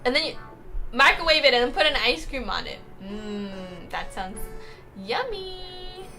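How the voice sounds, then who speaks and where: A young woman streamer reading chat aloud in a casual, playful way, laughing often and exclaiming loudly when excited. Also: high-pitched, measured pace. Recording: music playing behind.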